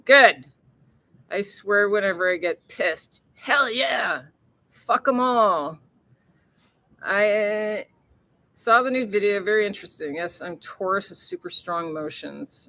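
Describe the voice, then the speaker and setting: A woman's voice: medium pitch, sharp tone. A woman hosting a casual livestream, chatting and reading viewer comments aloud, swearing freely. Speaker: livestream host.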